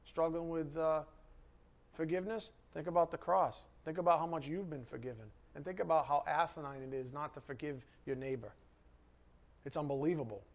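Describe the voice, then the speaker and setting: Animated preacher, a man with a higher voice. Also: a little fast. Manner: animated, asks the congregation questions, rises sharply when worked up. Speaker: pastor. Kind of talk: sermon. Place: church hall with congregation.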